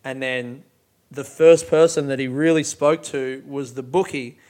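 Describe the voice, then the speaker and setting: A man's voice: medium pitch, steady tone, a little slow, darkish tone. A young man casually breaking down song lyrics, swearing freely and laughing often as he talks. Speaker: music reviewer.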